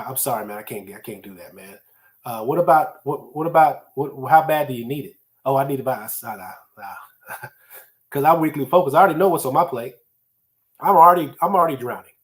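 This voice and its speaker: Emphatic man giving a motivational talk. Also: mid-range voice. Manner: conversational, emphatic, repeats key phrases for effect. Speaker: podcast host teaching time management. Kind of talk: solo motivational teaching talk.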